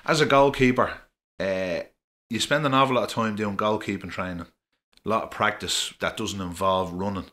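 A man's voice: lowish voice, moderate pace, hardly any pauses, bright, forceful tone. A middle-aged Irish man telling rambling, chatty anecdotes as a podcast guest, with frequent fillers. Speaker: podcast guest, former referee. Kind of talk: casual storytelling.

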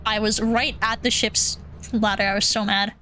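A woman's voice: mid-range voice, little pitch movement, moderate pace, pushed and bright, slight background noise. A young woman streaming a video game, chatting casually with friends, swearing and laughing often. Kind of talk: casual gaming chat.

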